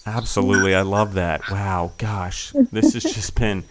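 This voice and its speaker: A middle-aged man hosting a podcast, chatting enthusiastically and rambling with fillers, his voice going hoarse. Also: low-pitched, steady tone, measured pace, a loud crowd. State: losing his voice. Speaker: podcast host. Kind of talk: casual interview chat.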